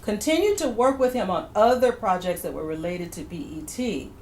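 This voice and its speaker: A female writer giving an interview, speaking in a measured, reflective way. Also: medium pitch, lively intonation, a little mellow. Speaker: comedy writer. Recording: echoey room with faint noise.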